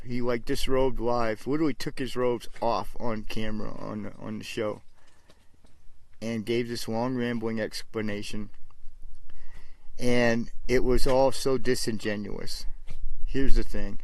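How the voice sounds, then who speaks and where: A man's voice: medium pitch, no echo. A man hosting a casual livestream, talking in a rambling, opinionated way with frequent restarts. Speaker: livestream host.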